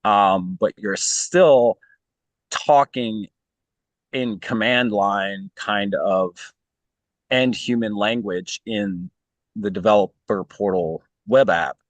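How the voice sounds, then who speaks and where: A man's voice: on the low side, takes it slowly, no room sound. A man in a casual online chat, thinking aloud with frequent fillers and tag questions.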